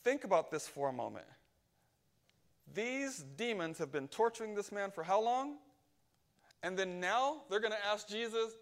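A man's voice: high voice, expressive, normal speed, pauses often. A man preaching a sermon, emphatic and often asking "right?" to his hearers.

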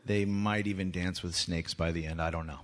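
A man's voice: sits low, fairly even intonation, brisk, pitched below the performer's own voice, close to an everyday voice. A man putting on a stern male churchgoer who scolds and warns about which church and which Bible to use. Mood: scolding. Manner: preachy, scolding.

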